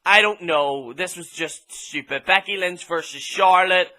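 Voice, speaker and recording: An Irish man gives a casual, profane wrestling recap, blunt and full of ums. His voice sits high for a man and comes across very bright and sharp. The talk is loose and unscripted. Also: measured pace. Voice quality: blunt, sweary, filler-heavy with many ums. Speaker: wrestling show reviewer.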